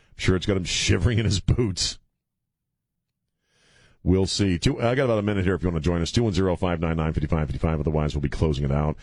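A middle-aged man hosts a radio talk show, his voice low and the studio sound dry and close. He talks in a blunt, sarcastic way and rambles from point to point. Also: darkish tone, no room sound. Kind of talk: opinionated talk radio chat. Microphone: studio microphone.

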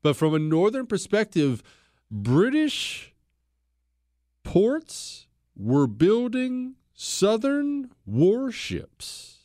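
A man's voice: high voice, wildly swooping pitch, very slow, a little mellow, no echo, clean studio sound. A man hosting a talk show, giving an emphatic, blunt history monologue and repeating phrases for stress.

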